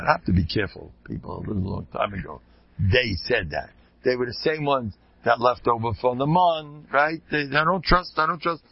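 Older man, rebbe type, informal Torah talk. Animated and jokey, somewhat high-pitched voice, muffled mic. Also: husky, dry recording. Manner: animated, joking, sprinkled with Hebrew and Yiddish terms. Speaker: rebbe teaching a Torah class.

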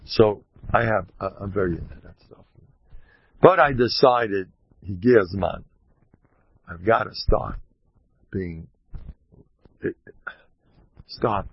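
Low gravelly rabbi guy joking through a torah talk, sarcastic, rambly, lo-fi muffled audio. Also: takes it slowly, pauses often, dry recording. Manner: wry, mock-boastful sarcasm; sprinkles Hebrew and Yiddish terms. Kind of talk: informal Torah talk with jokes. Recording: dull lo-fi recording.

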